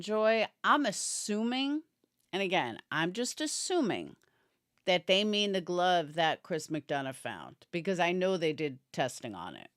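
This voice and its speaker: In a casual live stream, a tired woman yawns while giving opinionated commentary on a true crime case and answers viewers by name. Her voice is fairly low-pitched with a fairly bright tone, captured in a dry, studio-quality recording.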